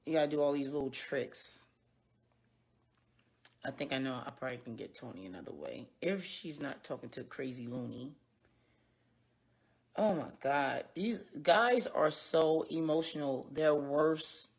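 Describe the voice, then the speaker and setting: A woman hosts a casual livestream, speaking bluntly to her viewers and swearing plenty. Her voice is deep, creaky and husky, captured in dull lo-fi stream audio.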